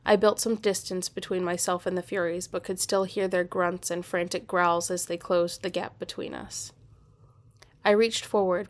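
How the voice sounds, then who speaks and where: A woman reading a first-person story aloud in a steady, expressive storytelling manner. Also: mid-range voice. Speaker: storyteller and author.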